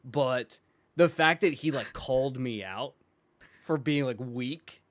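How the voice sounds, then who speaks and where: A man's voice: medium pitch, slow pace, no echo. A male podcast host telling a comic story, acting out the quoted dialogue. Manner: animated, acts out quoted dialogue. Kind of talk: comedic storytelling.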